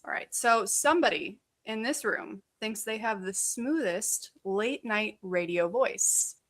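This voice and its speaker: A woman's voice: medium pitch, measured pace, fairly bright tone. A woman co-hosting a podcast in casual chat, cheerfully running a game for the guests. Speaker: podcast co-host.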